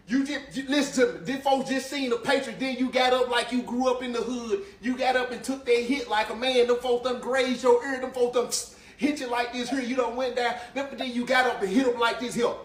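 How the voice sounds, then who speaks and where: A man ranting in excitement over the news, exclaiming and repeating himself. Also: extremely high pitch, roomy sound, recorded from a distance. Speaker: vlogger reacting to news. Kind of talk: excited reaction rant.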